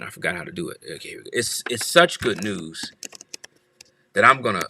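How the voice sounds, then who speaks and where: Guy hosting a church live stream, keeps teasing folks n repeating himself, lowish voice, real sharp tone. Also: a little hiss or hum. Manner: playful, teasing, repeats phrases. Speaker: church leader hosting a livestream. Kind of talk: casual livestream chat greeting viewers. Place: office.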